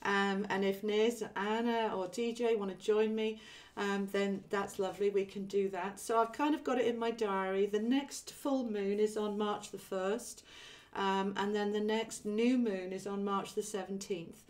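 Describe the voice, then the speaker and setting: A woman hosting a relaxed spiritual livestream, talking in an easy, chatty way with plenty of ums. Her voice sits at a middling pitch and sounds a little distant from the microphone. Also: measured pace. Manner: relaxed, chatty, many ums, reads viewer comments aloud. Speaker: livestream host. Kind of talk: casual spiritual livestream chat.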